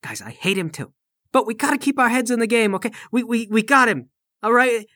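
A man playing a tabletop role-play game, flustered and stammering as he talks fast. His voice is bright and forceful. The sound is close and dry. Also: extremely high pitch, big pitch swings, dry recording. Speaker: player.

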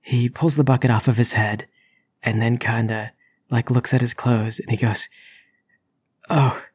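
A man narrating as game master in a tabletop game, telling the story steadily with soft asides. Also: mid-range voice, little pitch movement, moderate pace, husky.

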